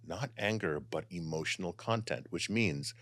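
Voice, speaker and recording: A man with a low, deep voice speaks as a channeler guest in a conversation. He is animated and expressive, then shifts into slow, calm meditation guidance. The sound is close and dry, with no room echo. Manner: animated and expressive, softening into calm guided instruction. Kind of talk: casual conversation and guided meditation.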